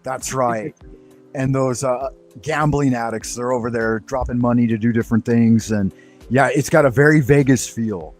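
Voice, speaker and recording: A man's voice: mid-range voice, normal speed, soft background music. A man hosting a casual panel chat, talking loosely and swearing, with hustling plugs for his show. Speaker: show host.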